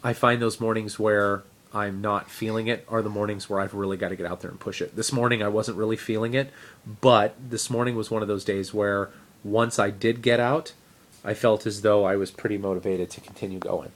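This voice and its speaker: In his fitness diary, the teacher speaks fairly quickly with a fairly low pitch and fairly even intonation. His casual update to camera wanders, packed with fillers, restarts, and jokes about himself.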